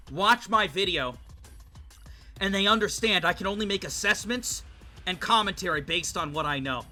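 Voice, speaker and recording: Male streamer, let's play commentary, indignant swearing rants, piercing bright tone. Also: high-pitched.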